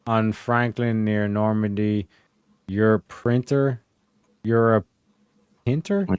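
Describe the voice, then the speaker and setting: A young man casually reading old case transcripts aloud to friends, halting with fillers and swearing. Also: lowish voice, fairly even intonation, a little mellow, smooth, no room sound. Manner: profane, halting, reads with fillers. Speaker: host reading case files.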